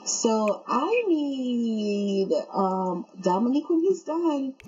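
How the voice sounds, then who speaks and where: A woman giving casual let's-play commentary, chatty and excitable, talking straight to her viewers. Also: a little high, slow pace, slightly rough, muffled recording. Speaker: game streamer.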